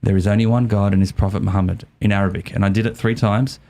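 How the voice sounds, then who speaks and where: A man with an Australian accent, a podcast guest telling a story in a lively way, often repeating and restarting his words. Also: on the low side, fast talker. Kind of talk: casual storytelling.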